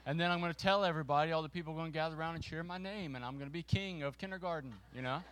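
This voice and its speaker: A man with a voice on the higher side tells a story from the pulpit to his congregation. He brings a volunteer on stage and keeps poking fun at himself. His delivery is animated, full of restarts and laughter. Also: a little hiss or hum. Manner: lively and self-mocking, with quick restarts and laughter.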